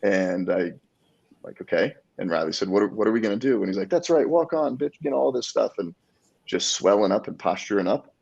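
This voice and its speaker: Deep gravelly man telling a story. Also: brisk, muffled recording. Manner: animated storyteller acting out quotes. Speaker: guest, jiu-jitsu black belt. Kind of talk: casual storytelling.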